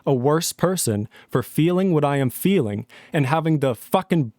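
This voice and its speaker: Male streamer, heated and profane, ranting at chat, slightly high voice, dry close mic. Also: animated, moderate pace, darkish tone, no room sound. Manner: angry, profane, arguing with chat. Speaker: livestream host.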